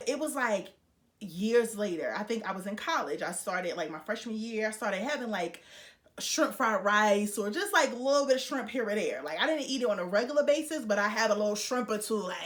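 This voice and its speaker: A young woman vlogger telling a personal story to her viewers, chatty and animated, acting out the voices of the people in it. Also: medium pitch, normal speed. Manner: chatty, speaks straight to viewers with frequent fillers. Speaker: YouTuber. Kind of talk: casual storytelling vlog.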